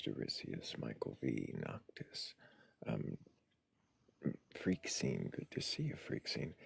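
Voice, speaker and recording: A man with an extremely low, gravelly voice and a husky rasp, hosting a casual live stream. His pitch still moves around a lot as he chats. He is laid-back and reads out viewer names. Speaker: livestream host.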